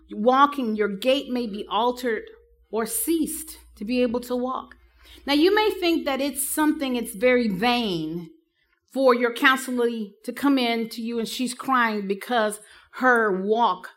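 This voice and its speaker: A woman giving a live talk to counselors, telling stories with humor and acting out the people she quotes. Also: fairly high pitch. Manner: lively, humorous storytelling with acted-out quotes. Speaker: speaker teaching counselors.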